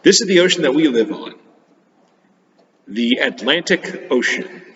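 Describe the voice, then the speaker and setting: A male teacher giving a geography lesson to children, explaining simply and patiently with frequent pauses. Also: on the high side, expressive, fairly bright tone. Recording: dull, echoey room with long reverb.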